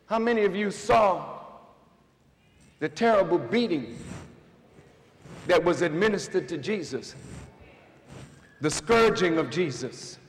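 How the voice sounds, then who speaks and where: A minister preaching in a big arena with a long, ringing echo behind his voice. His voice sits high for a man, and he takes his time with every phrase. He swings from full shouts down to quiet storytelling. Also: animated, slow pace, pauses often. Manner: dramatic swings between shouting and hushed storytelling. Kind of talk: fiery sermon to a large crowd. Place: large indoor arena. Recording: long reverb of a large arena.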